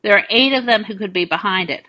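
A woman reading as a grim, flat-voiced man. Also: medium pitch, fast, low-quality recording. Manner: flat, terse. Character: grim man on edge, flat and dead calm.

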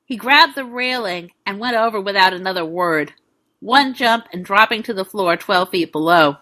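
A woman reading an audiobook thriller in steady, measured scripted narration. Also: medium pitch.

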